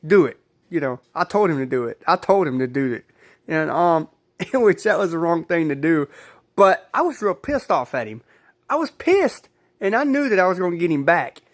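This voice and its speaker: A man's voice: fairly high pitch, lively intonation, fairly quick. A man casually telling a personal story, rambling, repeating himself and swearing freely.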